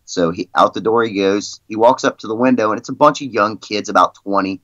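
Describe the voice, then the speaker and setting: A man's voice: fairly low pitch, a little fast, pushed and bright, no echo, dull audio. A man guest on a podcast, telling stories in a rambling, casual way with lots of "you know" and "I mean". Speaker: guest, league president. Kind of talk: casual storytelling in a podcast interview.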